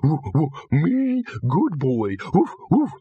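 A man voicing an eager, simple-minded big dog who yelps happily in breathless high whoops. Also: wildly swooping pitch, slow pace, warm tone, slightly rough, dull audio, exaggerated voice. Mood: excited.

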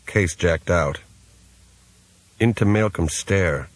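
Low husky guy reading a novel, steady measured narration, dry sound. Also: dry recording. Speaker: audiobook narrator. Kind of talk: scripted narration.

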